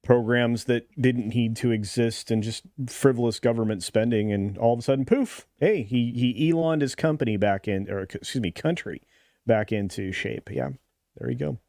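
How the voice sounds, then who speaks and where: A man's voice: medium pitch, moderate pace, gravelly, a little mellow, dry recording, studio quality. A man speaking as a guest on a casual panel show in an easygoing, agreeable manner.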